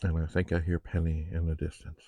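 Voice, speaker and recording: Deep gravelly-voiced man narrating his tinkering. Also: completely flat delivery, a little fast, warm tone, no room sound. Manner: chatty, narrates each step, playful asides. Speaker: vlog host testing vintage computers. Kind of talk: casual narration while working.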